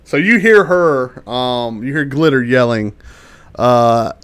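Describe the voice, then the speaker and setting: Male game master, mid-range voice, halting delivery with many fillers, heard over a voice call. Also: mid-range voice, expressive, fairly bright tone, smooth. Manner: halting, full of ums and restarts. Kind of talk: narrating a tabletop game.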